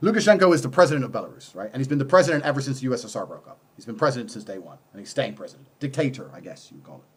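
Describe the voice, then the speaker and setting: A man's voice: mid-range voice, sing-song, racing, breathy edge. A man ranting in a heated, profane and sarcastic way during a conversation. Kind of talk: conversational rant.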